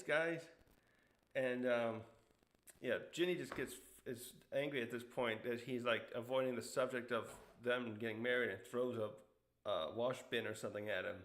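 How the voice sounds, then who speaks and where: Rambling man recapping a comic chapter. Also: a bit bright. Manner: rambling, many fillers, acts out quotes in a higher voice. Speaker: manga reviewer. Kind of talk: casual recap commentary.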